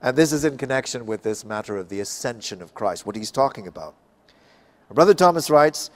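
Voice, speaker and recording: A man from Canada giving an expository Bible talk, slow and emphatic, rising and falling for effect. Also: medium pitch, expressive. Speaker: Bible class speaker.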